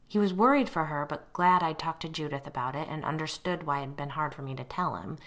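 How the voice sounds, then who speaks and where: Low, gravelly woman telling a ghost story. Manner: vivid storytelling with forceful acted outbursts. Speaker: mother telling her own ghost story. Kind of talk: read first-person narration.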